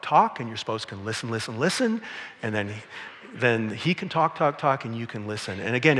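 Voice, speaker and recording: A man's voice: mid-range voice, a bit bright. A middle-aged man preaching a sermon as pastor, conversational and storytelling, with playful acted quotes. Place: church sanctuary. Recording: long reverb of a large hall.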